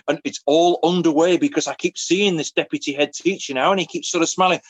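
A man's voice: fairly high pitch, fast, dry recording. A man spins a personal anecdote in casual conversation. He tells it with energy and slips into voices for the people in his story. The recording is close and dry, with almost no room sound. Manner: lively, acts out other people's lines in voices. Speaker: interview guest.

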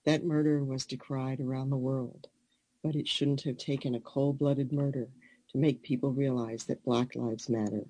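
Host with a husky mellow voice, upbeat intros, dry close mic. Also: medium pitch, little pitch movement, normal speed, no echo. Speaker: show host. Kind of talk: introducing guests on a community show.

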